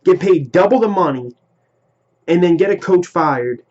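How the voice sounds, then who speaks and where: A fired-up man vents as a football fan, swearing freely and firing off complaints in quick bursts. His voice sits somewhat high. The sound is muffled and lo-fi. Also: expressive, darkish tone. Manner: heated, profane, rapid-fire ranting. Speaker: sports vlogger. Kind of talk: ranting fan commentary. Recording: lo-fi home recording.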